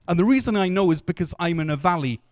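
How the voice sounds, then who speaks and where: Man preaching, smooth clear voice. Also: high-pitched, expressive. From Wales. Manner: earnest, storytelling with acted-out quotes and pauses. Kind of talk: sermon.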